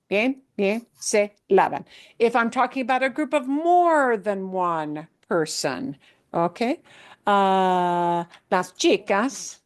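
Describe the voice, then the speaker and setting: A woman teaching a Spanish lesson, explaining patiently and often checking in with her students, mixing English with Spanish examples. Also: medium pitch. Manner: slow, patient explaining with many checks like "right?". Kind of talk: live language lesson.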